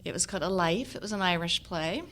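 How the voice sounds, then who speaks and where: A woman in her sixties, an actress telling stories from her career in a relaxed chat, laughing often. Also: fairly low pitch, fast, slight background noise. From United States. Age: 60s. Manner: animated storyteller, laughs often. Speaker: actress guest. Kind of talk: casual conversation.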